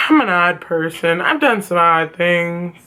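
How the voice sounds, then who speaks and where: A woman vlogger telling a story from her childhood in a casual, profane, animated way. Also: lowish voice, slow, smooth.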